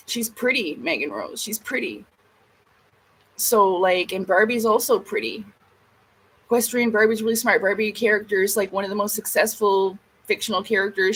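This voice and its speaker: A woman's voice: medium pitch, fairly bright tone, breathy edge, poor audio. A woman vlogger in a casual ranting monologue, blunt and emphatic, swearing heavily.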